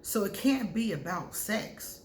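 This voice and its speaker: A woman's voice: medium pitch, lively intonation, measured pace, slight background noise. Candid woman giving casual advice, echoey room. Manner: candid, conversational, bursts of loud laughter. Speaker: astrology advice vlogger. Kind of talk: casual advice talk to camera.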